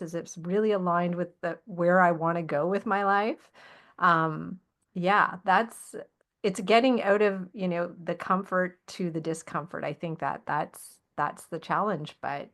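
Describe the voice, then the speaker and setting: A woman hosting a podcast interview, with a voice a touch lower than most. She affirms her guest warmly with a steady stream of yeses and reflects back in a thoughtful way. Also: unhurried. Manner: affirming, reflective, many "mm" and "yes". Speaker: podcast host.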